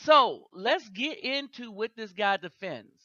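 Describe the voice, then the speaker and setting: Slow, bright-toned commentary host. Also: mid-range voice, animated, no room sound, dull audio. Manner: slow, deliberate, with rhetorical "right?" checks. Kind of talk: reaction commentary.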